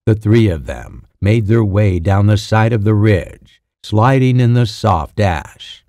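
A man reading an audiobook in a measured, deliberate narration. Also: lowish voice, animated, mellow, no room sound, studio quality.

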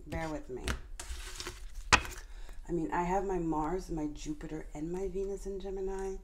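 Fast-talking woman tarot reader. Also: on the low side, steady tone, noisy background. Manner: fast, passionate talker; addresses viewers directly, calls on Spirit. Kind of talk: tarot reading monologue.

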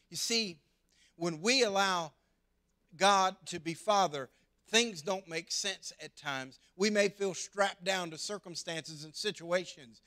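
A male pastor delivers a sermon in an earnest, personal way. His fairly high voice rises to loud emphasis, then drops to hushed, soft endings. He keeps a steady, caring tone throughout. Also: slow pace.

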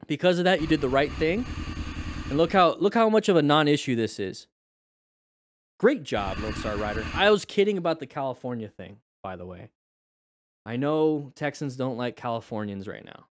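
A man's voice: medium pitch, animated, normal speed, slight background noise. A man and riding instructor giving casual, joking commentary over motorcycle videos and talking straight to his viewers.

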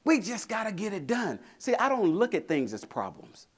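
Man, motivational speaker, high voice, very lively swoops, storytelling. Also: normal speed, breathy edge. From Mississippi, USA. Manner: animated storytelling, acting out quotes, rallying the crowd. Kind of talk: motivational keynote speech. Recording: convention hall.

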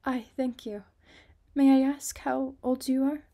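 A woman's voice: high-pitched, little pitch movement, measured pace, creaky, dark tone, voice pushed up. A woman doing a shy teenage girl. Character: shy fifteen-year-old girl, sweet and gentle.

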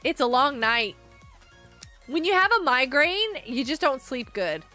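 A woman with a high, bright voice chats excitedly while she plays a game live, her pitch swinging widely as she gasps and laughs. Faint game music plays behind her. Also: unhurried. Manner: excitable, gasping and laughing often. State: sleepy, yawning. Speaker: gaming livestreamer. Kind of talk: casual live gameplay chat.

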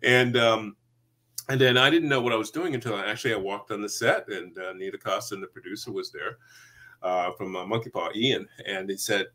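A middle-aged man, an actor, telling stories in a casual interview, acting out quoted voices and laughing often. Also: fairly quick. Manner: animated, acts out quoted voices with big pitch jumps; laughs often while talking. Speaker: actor guest.

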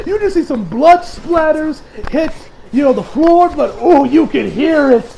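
A man reviewing an anime episode in a casual recap, excitable, swearing freely and laughing often. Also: extremely high pitch, unhurried, vocal fry, hardly any pauses, slight background noise, rough recording.

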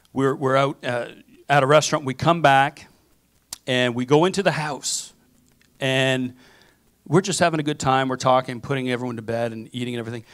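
Animated man preaching a sermon. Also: mid-range voice. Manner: animated storytelling with acted-out quotes. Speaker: pastor. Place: church sanctuary.

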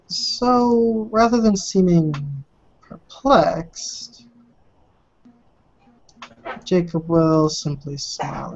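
Game master, slow narration, hesitant, lo-fi audio. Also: medium pitch, darkish tone, a little hiss or hum. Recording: dull lo-fi recording.

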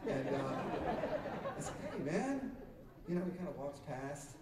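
A man's voice: mid-range voice, steady tone, moderate pace, very noisy. A middle-aged man telling a rambling story to a concert audience, laughing often, with many fillers and restarts. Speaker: musician telling stories on stage. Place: concert hall stage. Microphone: audience taper's recording from the crowd. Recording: roomy distant audience tape. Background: loud crowd.

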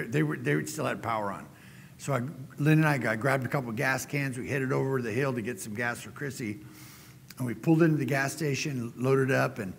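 Middle-aged male guest preacher, folksy storyteller, gravelly husky voice, long church reverb. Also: mid-range voice. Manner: folksy storytelling, animated when quoting. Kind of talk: sermon. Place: church sanctuary.

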